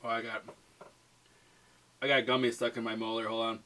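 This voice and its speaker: A man's voice: medium pitch, level tone, moderate pace, pushed and bright, a little hiss or hum. A man with a Canadian accent, co-hosting a casual challenge video in an easygoing, self-deprecating way. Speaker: co-host.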